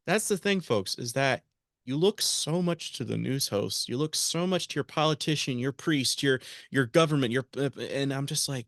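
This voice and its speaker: A man's voice: medium pitch, animated, fairly quick, creaky, a bit bright, dry recording, studio quality. A man guest on a podcast, talking earnestly and acting out quoted exchanges in a casual interview.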